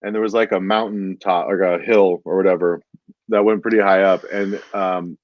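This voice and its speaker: A low-voiced man spinning a long, rambling anecdote full of "like" and "dude". The sound is dry and close, with no room to it. The recording is dull and lo-fi. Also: steady tone, moderate pace, no room sound. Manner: rambling, says "dude" constantly, many fillers. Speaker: stand-up comedian. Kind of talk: casual chat, storytelling.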